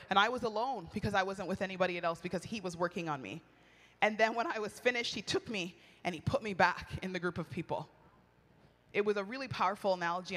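Her voice has a medium pitch and a rather bright quality. As a retreat speaker, this middle-aged woman preaches frankly and conversationally, bringing lively personal anecdotes into her sermon, all heard through long hall reverb.

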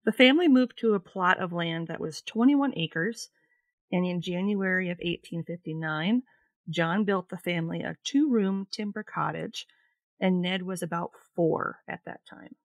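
A woman co-hosting a casual podcast, reading from her notes in a relaxed way. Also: on the low side, normal speed, dry recording. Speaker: podcast co-host, researcher.

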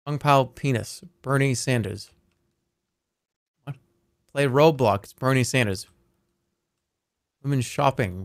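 A man's voice: mid-range voice, dry recording, clean studio sound. A man streaming a game live, rambling playfully and reading viewer messages aloud.

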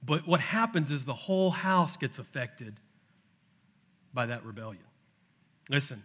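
A middle-aged man preaching a sermon, telling a family story with lively acted-out voices. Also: mid-range voice, unhurried, pauses often, husky. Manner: animated storytelling, acts out his toddler's shouts. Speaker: pastor. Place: church sanctuary.

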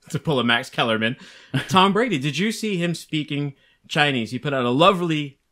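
A man's voice: on the high side, animated, moderate pace, sharp tone. A man co-hosting a podcast in casual chat, explaining facts in a chatty, teasing way. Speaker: podcast co-host.

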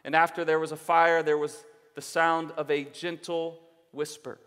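Male pastor, somewhat high voice, earnest exhorting sermon, repeats phrases for emphasis, reverberant church hall. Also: little pitch movement, moderate pace, a bit bright, smooth. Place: church sanctuary.

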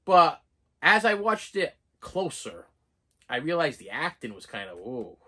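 A man giving casual movie reviews in an excitable, rambling way, full of restarts and fillers. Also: a little high, a little slow, breathy edge.

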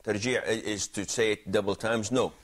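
Low-voiced man teaching a class. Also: steady tone, moderate pace. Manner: questioning, explanatory, repeats himself. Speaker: teacher of Islamic jurisprudence. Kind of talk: classroom lesson with questions to students.

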